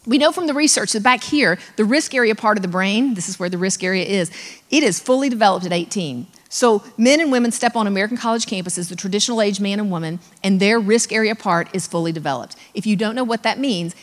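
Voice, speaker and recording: A woman giving a humorous, animated motivational talk as a keynote speaker, acting out voices and joking with the audience. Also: medium pitch, quick pace. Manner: animated, acts out voices, jokes with the crowd. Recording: long hall reverb.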